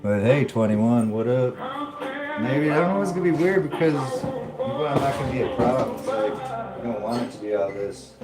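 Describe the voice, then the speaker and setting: A man's voice: medium pitch, animated, normal speed. A man hosting a live cooking stream from his home kitchen, rambling casually to viewers as he cooks. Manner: laid-back, rambling, talks to viewers while cooking. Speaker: livestream host cooking. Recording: roomy sound with clear music behind. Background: blues or country music playing.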